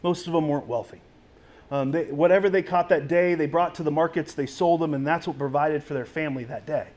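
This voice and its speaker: Conversational male pastor, fairly high voice. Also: brisk, darkish tone. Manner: conversational, with frequent restarts. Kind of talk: sermon.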